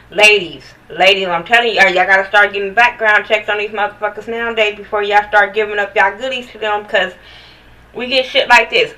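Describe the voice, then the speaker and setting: A woman's voice: medium pitch, fairly even intonation, a little fast, bright, forceful tone, distant mic, rough recording. A woman giving a blunt, profane, sassy recap of a reality TV episode in casual chat, talking straight to the viewers.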